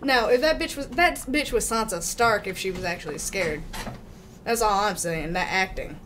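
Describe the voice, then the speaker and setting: A young woman co-hosting a podcast, telling a profane, animated story in casual chat and acting out the quotes. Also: mid-range voice, moderate pace, noisy background. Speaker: podcast co-host.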